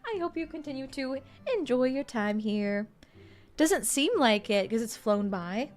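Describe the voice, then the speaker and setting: A woman's voice: fairly high pitch, animated, a little slow. A woman streamer chatting playfully while reading a game aloud and thanking viewers. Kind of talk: casual gameplay commentary.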